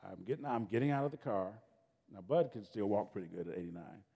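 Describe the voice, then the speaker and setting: A middle-aged man, a guest speaker telling a homespun story to students in a folksy, animated way, often breaking off and restarting his sentences. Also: fairly low pitch, fast talker, gravelly, slightly rough. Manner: folksy, animated, self-interrupting, casual grammar. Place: school event space. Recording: long hall reverb.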